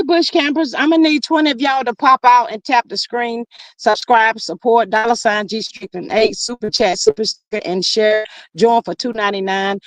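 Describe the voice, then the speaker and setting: A woman's voice: medium pitch, no echo, rough recording. A woman hosting a casual livestream gossip chat, talking straight to her viewers. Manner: chatty, addresses viewers as y'all. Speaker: host.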